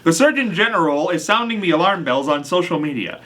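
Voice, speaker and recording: A male radio host leads a casual on-air chat. His tone is bright and forceful, and his pitch rises high and jumps around. He teases and laughs easily. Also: a little fast. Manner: lively, teasing, laughs often. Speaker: radio talk show host.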